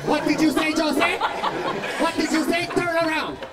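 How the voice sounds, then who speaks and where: A man in his fifties putting on his mother, yelling endless demanding questions at her young son on a comedy stage. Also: flat delivery, moderate pace. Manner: shrill repeated demanding questions. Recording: distant stage mic, roaring crowd.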